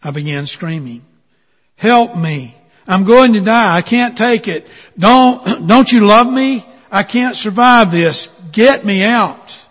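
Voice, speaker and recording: A man's voice: sits high, very animated, a little slow, bright, forceful tone, full character voice. A man voicing a female clay teacup who begs in rising, desperate cries, as part of a sermon story. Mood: pleading. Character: suffering teacup of clay, female, pleading and fearful. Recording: dull sound with long hall reverb.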